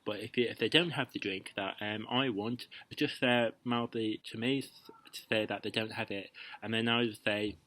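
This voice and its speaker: A young man vlogging dating tips in a slightly low voice, casual and chatty, often pausing with ums and restarting his sentences. he sounds playful and talks straight to camera. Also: steady tone, sharp tone, rough recording. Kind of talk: casual direct-to-camera advice.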